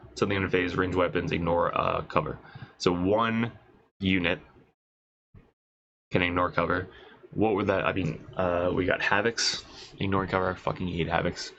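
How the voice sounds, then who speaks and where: A man with a congested voice, casually reading out and reacting to game rules as a host, excited and swearing, thinking aloud. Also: sits low, creaky, rough recording. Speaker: wargaming video host reviewing rules.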